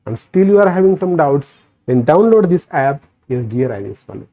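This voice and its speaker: A man with an Indian English accent teaching a grammar lesson, drilling sentence patterns slowly with rising emphasis. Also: fairly high pitch, very animated, mellow. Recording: dull lo-fi recording.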